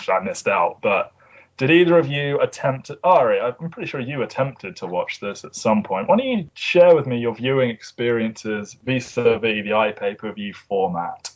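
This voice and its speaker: An English man hosting a podcast in casual chat, with a dry, sarcastic way of joking. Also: medium pitch. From England. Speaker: podcast host. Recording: dull lo-fi recording.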